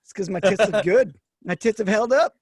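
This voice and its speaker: A man in his early forties co-hosting a podcast, talking in halting restarts with joking banter. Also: sits high, husky. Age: 40s. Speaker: podcast co-host. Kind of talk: casual podcast chat.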